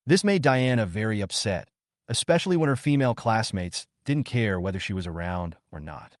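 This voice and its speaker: A man's voice: lowish voice, expressive, moderate pace, dry recording, studio quality. A man narrating a recap story in a scripted voice-over.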